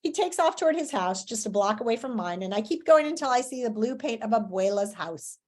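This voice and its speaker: A woman reading a children's book aloud in an expressive, animated storytelling manner. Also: a little high, fairly quick. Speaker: story reader.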